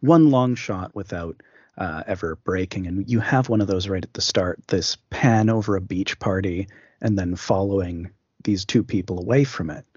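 Dark, husky man chatting about films. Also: deep voice, moderate pace, no echo, muffled recording. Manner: chatty, frequent fillers and restarts. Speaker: podcast co-host. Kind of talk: casual film discussion.

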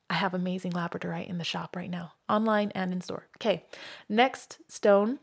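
A woman's voice: lowish voice, normal speed, gravelly. A middle-aged woman who owns a crystal shop, talking earnestly and from the heart about healing stones and her own life. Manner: warm, earnest, heartfelt storytelling.

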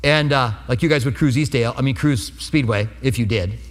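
A man's voice: mid-range voice, brisk. Guy preaching in church, talking earnest like he's telling his own story, voice rings out in a big hall. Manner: personal testimony, conversational and earnest. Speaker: pastor. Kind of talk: sermon. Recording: long hall reverb.

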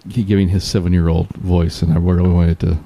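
A man's voice: deep voice, flat delivery, gravelly, mellow. Lighthearted male podcast host. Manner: lighthearted, quick to laugh. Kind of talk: casual chat.

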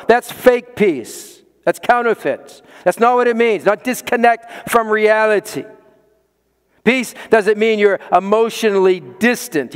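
A man's voice: sits high, in a large hall. A man preaching a sermon as pastor, emphatic, repeating words for stress and pressing his listeners with questions.

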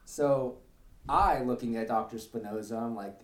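A man's voice: medium pitch, normal speed, reverberant. A man co-hosting a podcast, casually recapping a cartoon episode in a rambling way, with lots of fillers and joking asides. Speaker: podcast co-host. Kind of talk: casual chat.

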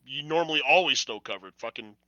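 Podcasting casually from his home, a man rambles along, curses and laughs frequently. He talks fast in a mid-range, bright, forceful voice with lively intonation, and the audio is dull and lo-fi with no room sound.

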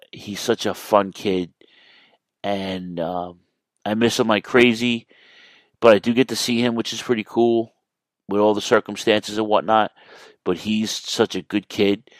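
Low-voiced man, dry close mic. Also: no echo. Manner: heartfelt, rambling with restarts. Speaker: podcast host. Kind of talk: casual chat.

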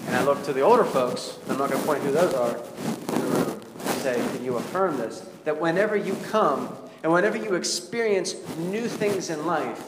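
A man's voice: fairly high pitch, moderate pace. Man preaching with a confessional tone in an echoey hall. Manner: confessional, asks the congregation rhetorical questions. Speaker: pastor. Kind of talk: conversational sermon. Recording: echoey hall with background noise.

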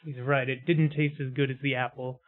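A man's voice: medium pitch, level tone, brisk. A man playing a tabletop game, joking and laughing along with the table. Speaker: player. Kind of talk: casual tabletop play. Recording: tinny call audio.

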